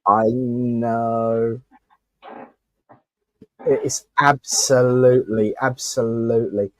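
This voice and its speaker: A man's voice: medium pitch, little pitch movement, takes it slowly, dry recording. A man hosting a casual live-stream chat, rambling and talkative with lots of fillers and restarts. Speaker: host.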